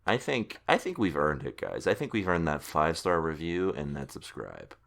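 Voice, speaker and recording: A man's voice: rumbling low, sing-song, normal speed, creaky, fairly bright tone. A young adult man hosting a podcast in casual, teasing chat. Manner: joking, teasing. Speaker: podcast host.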